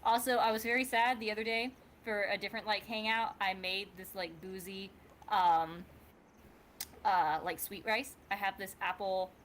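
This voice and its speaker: A woman chats casually on a livestream, rambling from one thought to the next and leaning on fillers like "like" and "um." Her pitch sits in the middle range for a woman. A faint noise runs behind the home computer mic. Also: steady tone, normal speed, a bit bright. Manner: chatty, rambling, filler-heavy. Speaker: livestream co-host. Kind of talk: casual chat.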